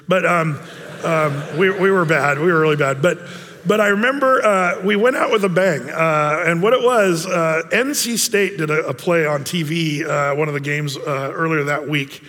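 A middle-aged man leads a men's Bible study in a loose, joking, rambling way, full of ums and restarts. His voice sits a little high for a man, and a long reverb trails behind it in the hall. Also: moderate pace, fairly bright tone. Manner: folksy and rambling, many fillers and restarts, humorous asides. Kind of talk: conversational Bible teaching with personal stories.

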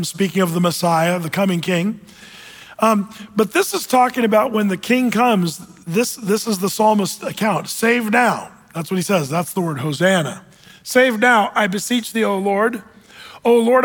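A husky, fairly high-pitched man preaches a sermon from the pulpit. He reads scripture aloud and tells a story to his congregation. His voice carries a long reverb from a church hall. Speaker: pastor.

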